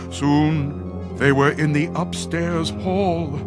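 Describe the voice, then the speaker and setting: A man telling a comic parody of a scary story in a dramatic, slow storytelling manner. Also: fairly high pitch, sing-song. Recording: music playing behind.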